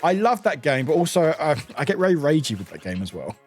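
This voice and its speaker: A young British man chatting while he plays a game on stream. His voice sits high and leaps all over the place as he laughs, shrieks and swears. Faint music plays underneath. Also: fast talker, husky. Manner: excitable, laughing, loud yelps and swearing. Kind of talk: live game streaming chat.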